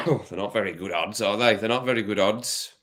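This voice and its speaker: A man's voice: on the low side, a little fast, fairly bright tone. A man vlogging in casual chat, thinking aloud with jokey asides while placing bets.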